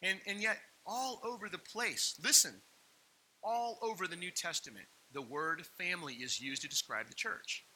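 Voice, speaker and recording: A man's voice: high-pitched, moderate pace, bright, forceful tone, a little hiss or hum, poor audio. A man preaching a sermon as pastor, telling stories with playful asides and acted-out quotes. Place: church hall.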